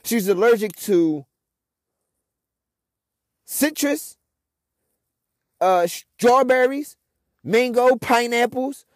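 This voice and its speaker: A man's voice: very high voice, very slow, long pauses, no echo, studio quality. A young man, ranting with frustration and heavy cursing in a casual monologue as a podcast host.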